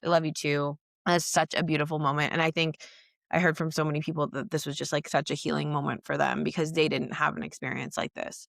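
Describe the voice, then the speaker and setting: A woman's voice: sits low, fast talker, gravelly, dry recording, studio quality. A woman co-hosting a casual recap podcast, retelling scenes and acting out the characters' lines. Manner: animated, acts out characters' lines while retelling. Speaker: podcast co-host.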